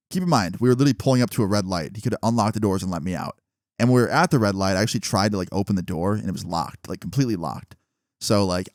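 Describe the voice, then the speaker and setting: A young adult man, a vlogger telling a story in a casual way, animated and exasperated, with plenty of swearing. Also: fairly low pitch, no echo, studio quality.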